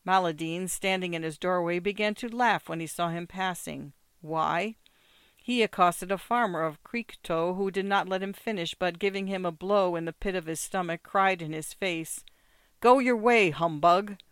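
A narrator reading short stories aloud in a measured, steady way. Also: medium pitch, clear, resonant tone, no room sound.

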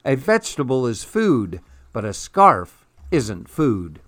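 A man's voice: medium pitch, big pitch swings, slow pace, fairly bright tone, no room sound, studio quality. A man reading aloud, voicing a polite, sensible little girl in a storybook.

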